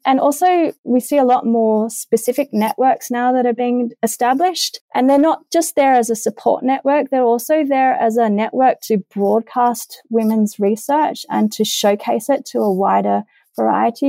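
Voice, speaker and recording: A middle-aged woman talks about her research in an earnest, enthusiastic way, often pausing on fillers and restarting sentences. Her voice sits a little high but sounds mellow. The recording is dry and close. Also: no echo, poor audio. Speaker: vaccine immunologist guest. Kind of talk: remote interview answers.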